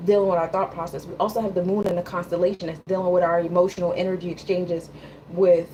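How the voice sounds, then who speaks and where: A woman's voice: fairly low pitch, little pitch movement, quick pace, dark tone, a little hiss or hum, poor audio. Woman giving a casual tarot reading. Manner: loose, conversational, repeats "you know what I'm saying". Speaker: tarot and astrology reader.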